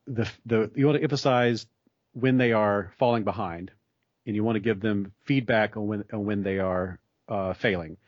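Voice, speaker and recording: A man with a lowish voice talks through an idea carefully, often restarting his sentences as he thinks. The recording is dry and a bit muffled. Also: a little mellow, dry recording. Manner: thoughtful, explaining with frequent restarts. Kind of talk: explanatory conversation. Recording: dry, slightly dull sound.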